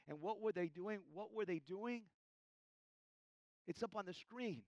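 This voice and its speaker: A male pastor delivers a sermon, his voice pitched a bit higher than most men's. He presses hard on key lines and then drops to a near hush. The sound is dry and close, with no room echo. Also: normal speed. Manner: emphatic preaching, shifts between loud and hushed; addresses listeners as church.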